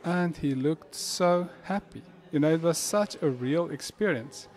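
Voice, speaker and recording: A man's voice: fairly high pitch, unhurried, a little mellow. A man who is a pastor, telling a story animatedly in a casual chat about faith, recorded in a coffee shop.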